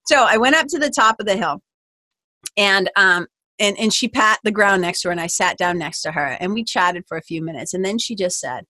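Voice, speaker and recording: A woman podcast host telling a personal story in a casual, animated way, full of "like" and the odd swear word. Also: medium pitch, fairly quick, dry recording.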